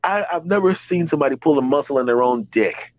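A man's voice: a little high, expressive, fast talker, darkish tone, no room sound, lo-fi sound. A man in his fifties, telling stories in a rambling way with lots of restarts on a casual podcast. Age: 50s. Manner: rambling storyteller with many restarts. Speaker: podcast host.

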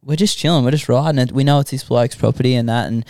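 Australian young man, podcast guest, lively storyteller, smooth voice, dry close sound. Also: mid-range voice, quick pace, no room sound. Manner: animated storyteller, acts out quoted people, laughs often. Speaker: podcast guest, extreme sports athlete. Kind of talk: casual storytelling chat.

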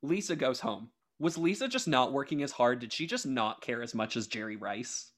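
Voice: medium pitch, expressive, normal speed. Heated, argumentative podcast co-host. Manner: heated, exaggerated arguing. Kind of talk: casual chat.

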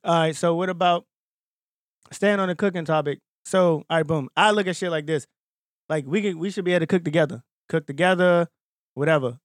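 Blunt, high-voiced podcast man. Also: a little fast, dry recording, studio quality. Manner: blunt, profane, emphatic. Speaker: podcast co-host. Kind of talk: casual chat.

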